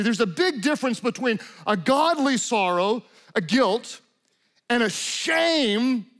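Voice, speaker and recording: A man preaching a sermon as pastor, telling stories dramatically, hushing low and slow for solemn moments and rising to forceful emphasis. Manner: dramatic storytelling with acted-out quotes.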